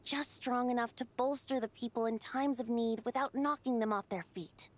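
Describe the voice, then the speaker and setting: A woman's voice: on the high side, fairly even intonation, normal speed, close to an everyday voice. A woman voicing a playful young male bard who is a wind god, speaking as a lilting, teasing storyteller in a video game. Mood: explaining.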